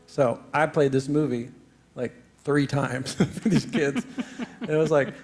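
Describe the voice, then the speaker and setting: A middle-aged man, a singer-songwriter and spiritual teacher, rambling through a story between songs with many fillers and frequent laughs. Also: mid-range voice. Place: spiritual center stage.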